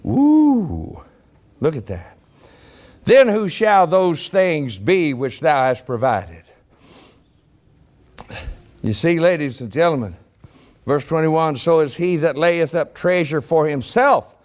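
High-voiced fiery preacher man. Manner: fiery, shouting emphasis. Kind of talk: sermon. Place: church congregation.

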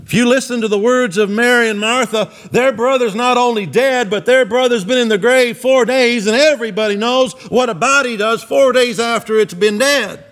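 A man preaches at normal speed with few pauses, his voice a bit bright. Retelling the scripture in church, he swings his pitch dramatically high and low for emphasis.

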